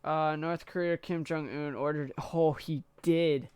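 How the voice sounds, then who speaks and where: A man's voice: fairly high pitch, steady tone, unhurried, a little mellow, clear, resonant tone, no echo. A young man from Canada, hosting a podcast in loose, slangy chat, swearing and laughing often. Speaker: podcast host. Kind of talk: casual chat.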